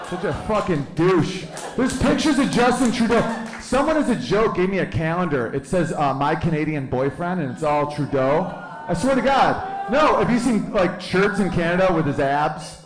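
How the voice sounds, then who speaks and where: A man doing a stand-up set on a club stage, brash, mocking and profane. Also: high-pitched. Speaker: stand-up comedian. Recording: roomy club echo.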